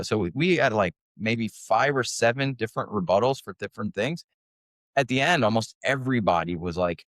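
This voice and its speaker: Low-voiced man telling casual anecdotes. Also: fairly quick, dry recording, clean studio sound. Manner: conversational, animated anecdotes, many fillers. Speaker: podcast guest. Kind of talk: casual interview talk.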